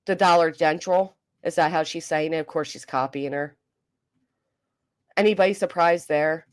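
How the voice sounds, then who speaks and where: A woman's voice: low voice, steady tone, normal speed. A woman, hosting a casual livestream, reading comments and joking bluntly with swearing. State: coughing. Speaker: livestream host.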